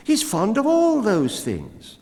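A man voicing a small, excitable bat in a storybook, talking quickly in a high, chattering voice. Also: exaggerated voice. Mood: excited. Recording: long hall reverb.

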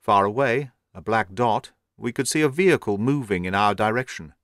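A man giving a measured, steady narration of an audiobook. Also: fairly low pitch, no room sound, clean studio sound.

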